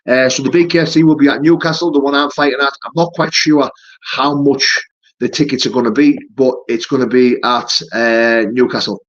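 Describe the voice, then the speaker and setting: This lo-fi clip has a man of medium pitch, a fighter, answering viewer comments on his live stream. He's casual and matey, constantly dropping "mate" and "you know."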